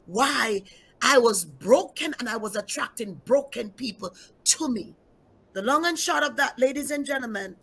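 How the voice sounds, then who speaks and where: A middle-aged woman pastor telling her life story in an interview, with a gravelly, husky voice. She is emphatic and repeats her key lines for weight. She often turns to address her listeners directly. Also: fairly high pitch, fairly bright tone. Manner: emphatic, repeats key phrases, speaks straight to the audience. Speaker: pastor giving her testimony. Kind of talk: emotional personal testimony in an interview.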